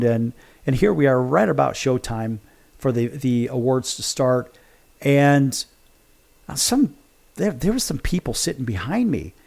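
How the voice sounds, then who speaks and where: A man's voice: mid-range voice, creaky, a little mellow. A middle-aged man from Chicago hosting a sports betting show, telling a long story in a rambling, chatty way. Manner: rambling, chatty anecdotes with restarts. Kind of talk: casual storytelling on a radio show.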